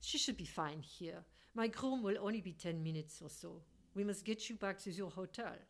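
A woman reading an audiobook, voicing a refined, unflappable middle-aged gentleman who speaks politely and calmly. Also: medium pitch, moderate pace, lightly acted. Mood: composed. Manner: polite, composed and courteous.

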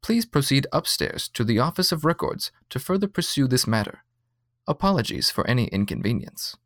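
A man's voice: medium pitch, sing-song, normal speed, a bit bright, no echo. A man voicing a male computer clerk from a spoken story: friendly on the surface, yet a little uncanny and unbending. The voice sits close and dry, with no room sound around it. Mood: flat politeness. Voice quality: friendly but slightly uncanny. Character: polite official male computer voice.

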